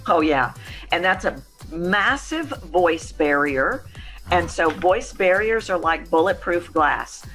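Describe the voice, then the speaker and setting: Emphatic voice coach woman, fairly low voice. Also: slow pace, soft background music. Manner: emphatic, animated, teacherly. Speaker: voice coach guest. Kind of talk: interview answers.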